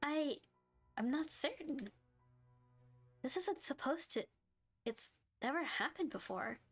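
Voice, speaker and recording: A woman's voice: high voice, lively intonation, slow pace, soft background music. A young woman streaming a game live, chatting and giggling as she reads her chat aloud and reacts to the story.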